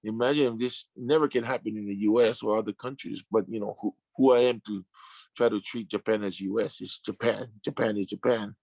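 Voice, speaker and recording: A man in his fifties, a retired sumo wrestler, telling his story in an interview with emotional, halting restarts and casual slang. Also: fairly low pitch, fairly even intonation, vocal fry, darkish tone, dry recording. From Samoan family.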